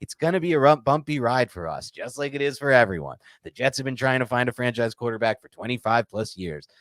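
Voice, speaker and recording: Fast-talking, animated male sports podcaster. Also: medium pitch, dry recording. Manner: animated, rapid and frank, acting out quotes. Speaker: podcast co-host. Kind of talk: casual sports chat.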